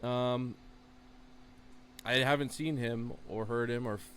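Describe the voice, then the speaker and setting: A man's voice: mid-range voice, fairly even intonation, takes it slowly, a bit bright, slight background noise. A man co-hosting a wrestling podcast, rambling casually with many fillers and acting out quotes. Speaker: podcast co-host.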